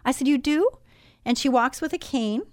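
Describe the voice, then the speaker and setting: A woman's voice: high-pitched, brisk, no room sound, clean studio sound. A woman hosting a Christian radio talk show, speaking conversationally with many fillers.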